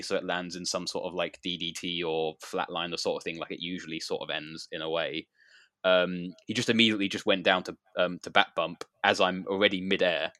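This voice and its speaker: A man's voice: low-pitched, a bit bright, no echo, studio quality. A man who wrestles, telling a story in a rambling casual chat with many fillers and restarts.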